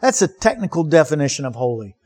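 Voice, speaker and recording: High-voiced man preaching a sermon. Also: sing-song, fast talker, darkish tone. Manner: earnest preaching with rhetorical questions and emphatic repetition. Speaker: pastor.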